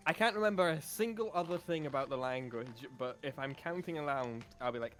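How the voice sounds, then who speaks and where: A man's voice: fairly high pitch, fairly quick, hardly any pauses, a bit bright, faint music behind. Playful man in casual chat. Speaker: charity stream co-host.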